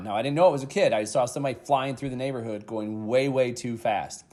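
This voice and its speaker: A man in his thirties with a medium-pitched, mellow voice talks fast while hosting a motivational podcast. He tells a story emphatically, using casual fillers and the occasional swear word.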